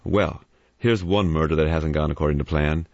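A man's voice: rumbling low, normal speed, darkish tone, no room sound, muffled recording. A man voicing a cynical adventurer in an audiobook, sardonic and mocking.

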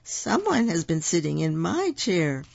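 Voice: mid-range voice, huge pitch swings, a little slow, vocal fry, exaggerated voice. A storyteller doing a fussy mama bear. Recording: dull lo-fi recording.

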